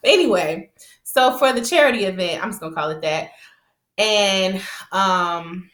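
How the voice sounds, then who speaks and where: A woman casually recapping a TV episode, chatty and rambling, with frequent laughs and animated retelling. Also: mid-range voice, moderate pace, roomy sound.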